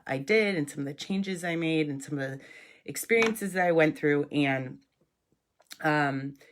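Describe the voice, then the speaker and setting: A woman hosting her own live stream, talking casually and reflectively, with a nasal voice from a cold and many ums and restarts. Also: low-pitched.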